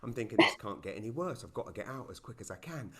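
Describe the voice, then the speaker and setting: A middle-aged British man doing a stand-up routine over a video call, telling stories with quick asides and punchy lines. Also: medium pitch. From Britain. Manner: animated storytelling with quick asides and sudden loud punchlines. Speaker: stand-up comedian. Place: home in a small town, performing over a video call.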